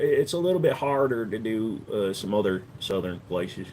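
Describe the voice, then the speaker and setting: An American man hosts a casual livestream and banters with viewers. His pitch swings a lot, rising and falling as he jokes. He talks close to a desk microphone from a room at home. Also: animated, moderate pace, darkish tone. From United States. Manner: joking, slips in and out of put-on accents. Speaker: livestream host.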